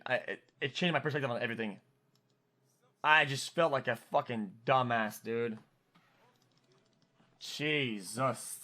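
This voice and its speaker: A young French-Canadian man streaming, spinning a story in loose, casual chat. He talks excitably with a fairly high voice, swears freely and trips over repeated words as he rushes ahead. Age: 20s.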